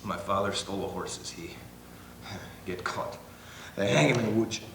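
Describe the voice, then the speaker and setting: An actor playing a young Polish immigrant mill worker, speaking broken English with a Polish accent, defiant and jumpy, in a live stage play. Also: male voice, on the low side, normal speed, gravelly. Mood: hushed. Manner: broken English, volatile, swings from shouting to muttering. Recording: echoey theater recording from far off with hiss.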